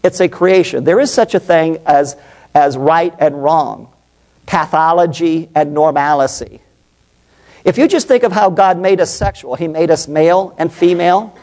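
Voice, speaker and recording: A man's voice: on the high side, a little slow, darkish tone. A middle-aged man, a pastor and psychologist, preaching a passionate, emphatic sermon and putting questions to the congregation.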